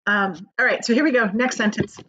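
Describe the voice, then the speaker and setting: A woman's voice: on the high side, a little fast, bright, forceful tone, dull audio. A woman teacher giving a recorded grammar lesson, speaking patiently and encouragingly to young students.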